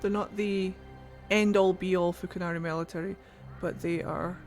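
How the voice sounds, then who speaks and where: A woman's voice: lowish voice, fairly even intonation, moderate pace, a little mellow, soft background music. A woman streaming a fantasy game live, chatting casually and laughing between scenes. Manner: chatty, laughing, gushing asides. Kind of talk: casual gameplay commentary.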